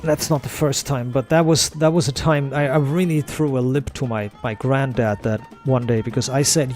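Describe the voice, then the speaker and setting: Telling a story while gaming, this young streamer rants and swears, restarting himself again and again. His voice is on the high side with a darkish tone, moving at a moderate pace with hardly any pauses, over soft background music.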